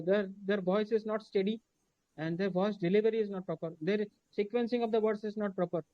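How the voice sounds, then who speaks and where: A man's voice: high-pitched, no echo. A man with an Indian English accent asking questions politely and deferentially, with many hesitations. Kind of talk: Q&A session. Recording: dull, dry, muffled sound.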